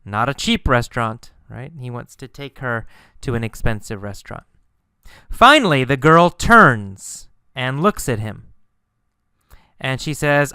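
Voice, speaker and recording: Slow, patient male English teacher. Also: mid-range voice, big pitch swings, bright, forceful tone, clear, resonant tone, no room sound. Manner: patient, repeats and rephrases key words. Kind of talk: slow explanatory lesson.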